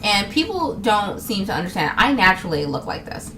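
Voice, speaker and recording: A woman's voice: mid-range voice, sing-song, brisk, sharp tone, a little hiss or hum. A young woman from New York, a vlogger, talking to camera in a casual comedic monologue, chatty and often laughing. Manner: chatty, laughs a lot, acts out other people's lines.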